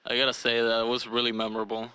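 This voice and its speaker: Deadpan young man, bright voice. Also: mid-range voice, smooth. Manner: unhurried, deadpan, with fillers. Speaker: cameraman guest. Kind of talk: casual deadpan comic storytelling.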